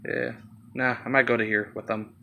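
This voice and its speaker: A man's voice: mid-range voice, little pitch movement, moderate pace, gravelly, bright, forceful tone. A man with a slight Southern accent filming a rambling, casual walkaround of his car project, swearing now and then.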